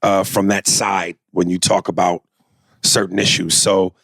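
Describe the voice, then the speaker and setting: A man's voice: sits low, level tone, measured pace, creaky, fairly bright tone, no echo. A man co-hosting a comedy podcast, chatting crudely and loosely and reading out listener emails. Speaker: podcast co-host. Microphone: studio mic with headphones.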